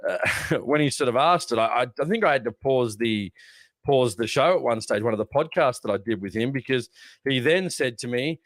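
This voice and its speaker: A man's voice: mid-range voice, expressive, normal speed, dry recording, studio quality. An Australian man hosting a casual live-stream chat, rambling with lots of fillers and restarts, swearing now and then. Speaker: podcast host.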